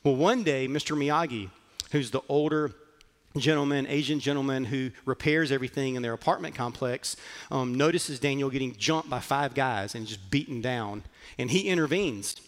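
A man's voice: medium pitch, normal speed, long reverb tail. A man preaching a sermon, telling a story earnestly and with frequent fillers. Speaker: pastor.

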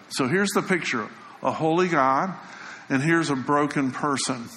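A man preaching a sermon as pastor, talking in a conversational way and dropping softly for emphasis. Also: on the high side, a little slow, slight background noise. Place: church sanctuary. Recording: echoing church hall with faint ambience.

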